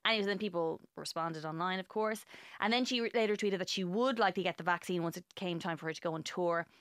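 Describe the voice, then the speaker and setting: A woman's voice: fairly low pitch, quick pace, dry recording. A woman on a culture panel who talks in a rush. She giggles and trips over her words. The sound is dry and close-miked. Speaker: podcaster and writer, panel guest. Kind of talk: casual chat.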